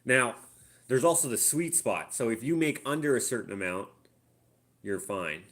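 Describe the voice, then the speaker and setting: A man's voice: medium pitch, lively intonation, moderate pace, fairly bright tone. A Canadian man hosting a casual live Q&A from his home art studio, thinking aloud and muttering while he looks things up and works out sums. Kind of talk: casual live-stream chat.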